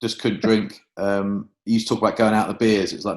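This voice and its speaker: English ex-rugby guy on a podcast, lowish voice, chatty stories, swears a lot. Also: brisk. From England. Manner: lively anecdotal storytelling, swears freely. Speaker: guest, former rugby player. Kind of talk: casual interview chat.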